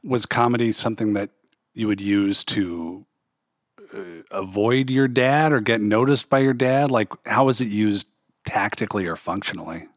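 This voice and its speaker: A man with a Midwestern American accent who asks calm, curious interview questions and narrates between them. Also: on the low side, normal speed, no room sound, studio quality.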